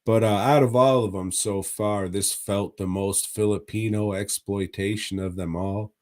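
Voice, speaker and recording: A laid-back man co-hosts a podcast, rambling through casual, profane movie chatter. His voice sits low, and he takes his time with every sentence. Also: fairly even intonation, a little slow, darkish tone. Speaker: podcast co-host. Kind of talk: casual movie review chat.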